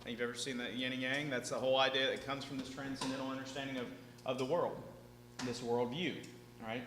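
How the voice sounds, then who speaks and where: A man speaking to a seminar audience in a large hall, animated and chatty, often checking in with "right?". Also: medium pitch, a little fast. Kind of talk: lively seminar talk to an audience. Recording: echoey hall, faint hum.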